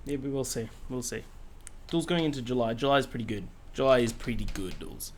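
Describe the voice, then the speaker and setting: A man with a mid-range voice co-hosts a casual podcast chat. He sounds eager and excitable and swears for emphasis. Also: mid-range voice, brisk, slight background noise. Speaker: podcast co-host.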